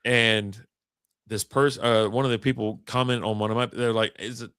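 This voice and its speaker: A man spins a casual, swear-laden story on a podcast, voicing the people in it as he goes. His voice sits at an ordinary pitch, and the sound is dry and close with no room around it. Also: normal speed, clear, resonant tone, no echo. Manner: animated, profane storytelling with acted-out quotes. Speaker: podcast host.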